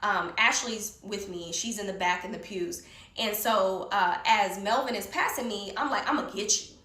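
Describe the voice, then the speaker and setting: A woman telling a personal story in a heated, profane, animated way. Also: medium pitch, moderate pace, recorded from a distance. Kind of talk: casual storytime. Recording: roomy echo.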